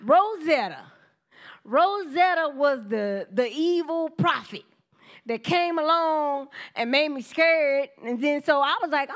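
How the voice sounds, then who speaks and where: Woman in her forties, high voice, casual sermon testimony, animated and chatty with the congregation. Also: takes it slowly. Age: 40s. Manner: animated storytelling, acts out quoted voices, laughs often; informal church talk, addresses the congregation directly. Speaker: preacher giving testimony.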